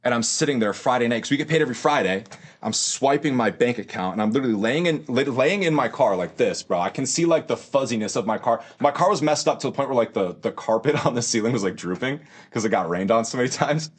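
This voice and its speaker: A man's voice: mid-range voice, expressive, fast talker, breathy edge. A man in his twenties, a podcast guest, telling his story in casual slang, swearing and saying bro often. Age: 20s. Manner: slangy and profane, says bro a lot.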